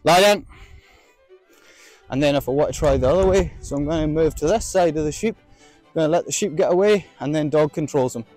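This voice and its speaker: Man shouting herding commands in a field. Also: on the high side, dry recording, faint music behind. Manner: shouts drawn-out commands to a dog between explanations. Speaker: sheepdog trainer. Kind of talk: outdoor instructional demonstration. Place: outdoor field with sheep.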